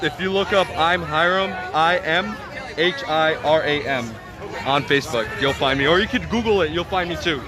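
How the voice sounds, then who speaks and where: A man's voice: a little high, normal speed, music in the background. A man working as an independent journalist, reporting live and interviewing people at a street protest in a casual, polite way. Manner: casual, polite, explains plainly to his viewers. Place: outdoors at a city protest. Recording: busy outdoor crowd and traffic noise. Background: crowd and traffic noise.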